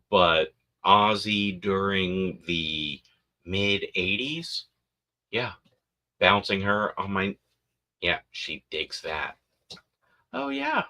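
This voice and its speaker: A man's voice: sits low, pushed and bright. A man hosting a podcast, rambling crudely and jokingly, often acting out silly voices. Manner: crude, joking, acts out voices of babies and parents. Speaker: podcast host. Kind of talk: casual rambling monologue.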